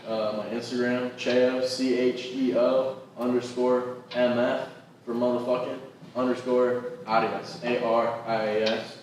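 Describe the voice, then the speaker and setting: A man co-hosting a comedy podcast, spinning crude anecdotes full of profanity. His voice sits at an ordinary pitch and sounds far from the mic in a very echoey room, with steady background noise. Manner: swears constantly, animated anecdotes. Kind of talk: profane casual storytelling.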